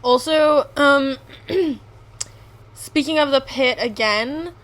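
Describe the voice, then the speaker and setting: Young woman, fairly high voice, podcast co-host, animated storytelling, casual slang. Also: slow pace. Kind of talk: casual chat.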